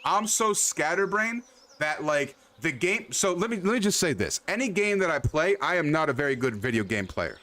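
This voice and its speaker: Young guy streamer, kinda high voice, rambles and swears a lot, greets chat by name. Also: big pitch swings, normal speed, pushed and bright. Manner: loose, rambling, swears freely, repeats himself; addresses viewers by name. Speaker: livestream host. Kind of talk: casual chat with live chat.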